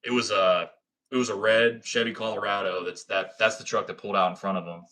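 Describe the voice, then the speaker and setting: A man's voice: on the low side, fairly even intonation, fairly quick, pushed and bright. A man hosting a livestream, telling stories and reading chat in a laid-back, profane, slangy way. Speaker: livestream host. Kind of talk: casual livestream storytelling and chat.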